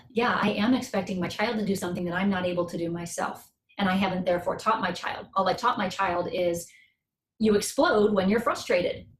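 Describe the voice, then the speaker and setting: Middle-aged woman sharing a story on a coaching call, earnest, slows down on the big points, roomy echo. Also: mid-range voice, slight background noise. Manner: earnest, reflective, slows to stress key points. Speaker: guest speaker on a coaching call. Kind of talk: personal story with motivational advice.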